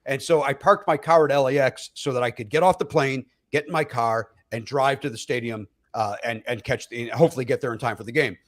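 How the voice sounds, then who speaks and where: A man's voice: mid-range voice, brisk, hardly any pauses. A middle-aged man, a comedian, telling stories in a casual podcast chat and acting out the voices of the people in them. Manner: animated storyteller who acts out quoted voices. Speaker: comedian guest.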